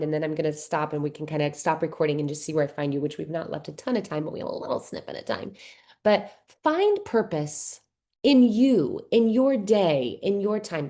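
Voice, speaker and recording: A woman giving a slide presentation to caregivers in a folksy, conversational way, asking gentle coaching questions and often tagging on "right?". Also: fairly low pitch. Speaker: workshop speaker for caregivers.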